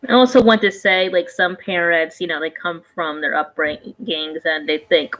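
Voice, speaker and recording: Rambling, chatty woman vlogger, low voice. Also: moderate pace, few pauses, fairly bright tone, poor audio. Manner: rambling, conversational, often trails off and restarts. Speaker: reaction vlogger. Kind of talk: casual reaction commentary.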